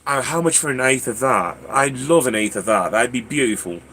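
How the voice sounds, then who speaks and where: A chatty, sing-song British voice, put on by an American man, calling everyone "love" as he helps out. The tone is bright and forward, with a mid-range pitch and faint room noise behind it. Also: animated, fairly quick. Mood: polite.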